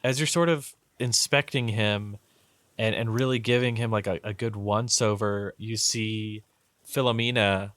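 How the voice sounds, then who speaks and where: A man's voice: fairly low pitch, fairly even intonation, measured pace, fairly bright tone, dry recording. A man narrating as game master in a loose, rambling way. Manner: loose, rambling, many fillers and restarts.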